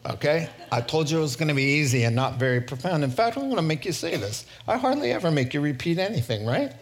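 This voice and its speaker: Higher-voiced, lively man preaching. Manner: lively storyteller, often chuckling while he preaches; swings between quick asides and slow, weighty phrases. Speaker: pastor. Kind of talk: sermon.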